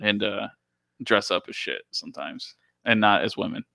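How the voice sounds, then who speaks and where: A man's voice: fairly low pitch, moderate pace, creaky, bright, forceful tone, dry recording. A man hosting a casual podcast chat, joking and laughing often.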